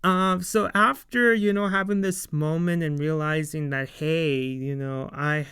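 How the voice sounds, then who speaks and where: A man talks through an episode recap in an unhurried, rambling way, leaning on fillers as he retells each scene. His voice sits a bit high and comes across very smooth and clear. The sound is dry and close, with no room around it. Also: steady tone, fairly bright tone, dry recording. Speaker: show reviewer. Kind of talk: casual recap and commentary.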